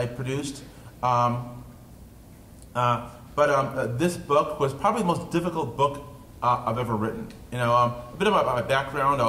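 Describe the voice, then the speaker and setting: An author with an upstate New York accent chats loosely with a live audience, slipping in dry, self-deprecating jokes. His voice sits at an ordinary middle pitch for a man. The room rings around him, with a light hiss underneath. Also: a bit bright. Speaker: author speaking at a panel. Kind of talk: casual panel talk to an audience. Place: dark indoor event room. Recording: roomy event-room recording, faint noise.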